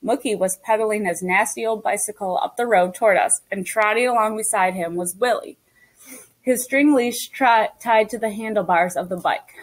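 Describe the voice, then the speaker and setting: Woman, audiobook narration, first person, steady pacing, medium pitch. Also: poor audio. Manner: steady storytelling as a young girl.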